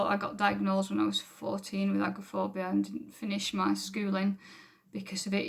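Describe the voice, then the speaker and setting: Woman, church testimony to camera, gravelly, monotone, earnest and rambling. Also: medium pitch. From England. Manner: earnest, rambling, with frequent ums. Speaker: church member giving testimony. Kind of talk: unrehearsed personal testimony to camera. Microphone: camera recording at home.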